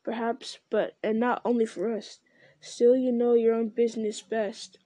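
Woman reading young male hobbit, bold, cool, matter-of-fact, slightly high, mellow. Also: flat delivery, unhurried, no room sound, close to an everyday voice. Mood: cool, bargaining.

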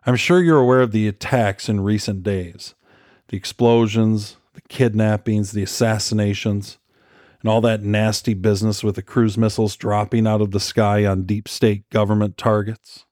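A man voicing an older male rebel leader speaking calmly and smugly over a video call, in an audiobook. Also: lowish voice, normal speed, no echo, studio quality, close to an everyday voice.

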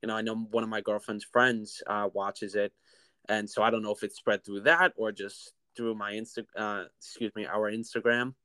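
A young man in his twenties co-hosting a podcast over a remote call, chatting in a relaxed, rambling way with lots of fillers. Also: fairly low pitch, moderate pace, smooth, dry recording. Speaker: podcast co-host. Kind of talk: casual chat.

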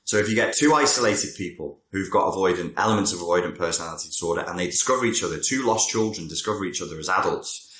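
Speaking fast in a low, somewhat bright voice, this male therapist addresses the camera in a roomy acoustic. His talking-head explainer on personality traits is conversational and digressive, peppered with wry remarks.

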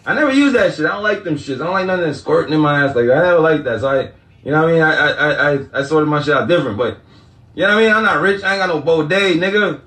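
Casual male host, high voice, profane laughing rant, echoey room. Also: expressive, rapid-fire, a bit bright. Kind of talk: casual monologue.

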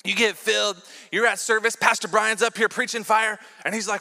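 High bright guy preaching, playful storyteller, big echoey church hall. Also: a little fast, gravelly. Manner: lively, jokey storytelling with props. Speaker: pastor. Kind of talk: sermon. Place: large church sanctuary. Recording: long church hall reverb.

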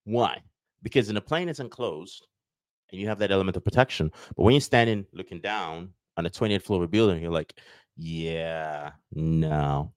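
Fast-talking man with a rambling teaching style. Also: fairly low pitch, a little mellow, no echo. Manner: rambling, acts out little scenes with voices. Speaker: self-help video host. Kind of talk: casual teaching talk to viewers.

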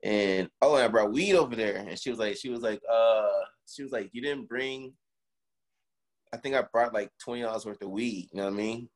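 A man's voice: lowish voice, a little fast. A young man in casual chat, animatedly telling a story, swearing and acting out the quotes.

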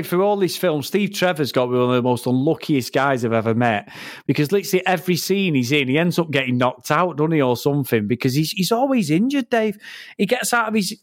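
A man's voice: on the high side, no echo, clean studio sound. A man co-hosting a TV review podcast, chatting casually, ranting and swearing freely.

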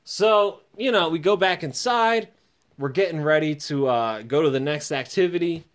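A man telling a long story in casual chat, animated and often laughing, acting out voices. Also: a little high, normal speed.

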